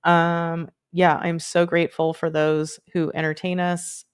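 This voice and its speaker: Unhurried, low-voiced woman host, rambling. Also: level tone, clean tone. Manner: rambling, chatty, many fillers, playful asides. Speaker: livestream host. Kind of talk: casual livestream chat.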